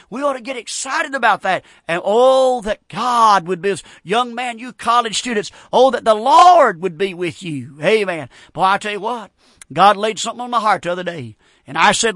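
A man's voice: high voice, sharp tone, dry recording. A man preaching a fiery radio sermon, repeating phrases and building emphasis. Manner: preaching with rising emphasis and repetitions.

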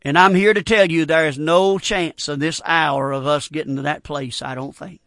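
Fervent preacher, high bright voice. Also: male voice, fairly even intonation, normal speed, no echo, studio quality. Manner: fervent, repetitive preaching with folksy phrasing. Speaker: radio preacher. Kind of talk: sermon.

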